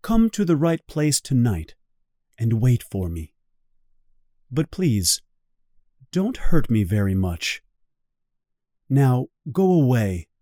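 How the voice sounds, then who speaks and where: Man voicing a little boy prince, storybook, soft, wistful, gentle, lively pitch, dry close sound. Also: slow, pauses often, no room sound. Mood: earnest.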